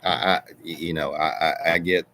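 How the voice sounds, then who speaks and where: A middle-aged man with a very deep, bright, forceful voice hosts a casual live chat, reading viewer comments at normal speed with fairly even intonation. He meanders, interrupts himself and strays onto tangents, and there is slight background noise.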